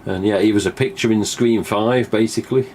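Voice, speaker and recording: This English live-stream host's voice is fairly low and darkish, with fairly even intonation and a brisk pace, plus a little hiss or hum. He talks in a rambling, casual way, swearing freely and performing conversations from memory.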